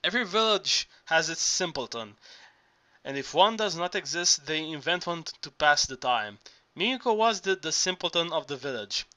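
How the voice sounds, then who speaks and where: Guy reading an audiobook, stumbles and restarts a lot, bright voice. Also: fairly high pitch, animated, normal speed. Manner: frequent slips and restarts. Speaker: audiobook reader. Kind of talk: audiobook narration.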